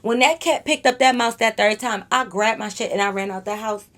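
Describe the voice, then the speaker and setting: A woman vlogger telling a storytime monologue straight to her viewers, animated and freely cursing. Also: a little high, fairly quick.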